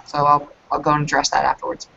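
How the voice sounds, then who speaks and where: A woman game master setting scenes and explaining the story, pausing often with fillers. Her voice is fairly low, and the recording is muffled and lo-fi. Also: monotone, vocal fry, pushed and bright, slightly rough. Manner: hesitant, filler-heavy. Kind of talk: running a tabletop role-play.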